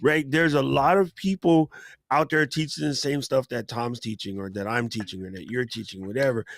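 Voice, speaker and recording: A man's voice: medium pitch, fairly even intonation, normal speed, vocal fry, dry recording, clean studio sound. A man chatting casually on a live stream, joking and laughing often as he talks about teaching and being yourself. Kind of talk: casual chat.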